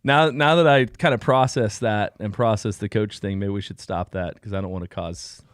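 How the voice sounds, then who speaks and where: A man's voice: lowish voice, moderate pace, no echo, studio quality. A man co-hosting a casual live-stream chat, telling stories with lots of laughter and acted-out voices. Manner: animated storyteller, laughs often, acts out voices. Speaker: co-host.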